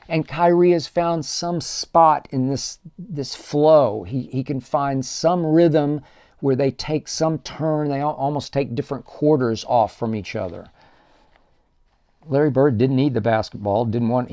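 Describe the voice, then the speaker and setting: An older man holds forth alone on his sports show, pressing every point with stacked, punchy superlatives. His voice sits in an unremarkable middle register, with a dark, mellow colour. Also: mid-range voice. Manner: emphatic, builds lists of punchy superlatives. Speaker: sports talk show host. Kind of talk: solo sports commentary monologue.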